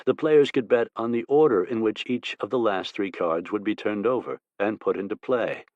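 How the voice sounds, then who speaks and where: A man narrating an audiobook in a steady, measured way. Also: fairly low pitch, no echo, lo-fi sound.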